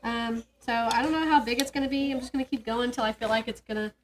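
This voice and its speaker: A chatty woman, co-hosting a casual book podcast. Her voice sits a little high, and she laughs easily between relaxed, rambling remarks. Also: fast talker, crowd noise. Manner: chatty, laughs often, soft-spoken at times. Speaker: podcast co-host. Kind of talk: casual chat.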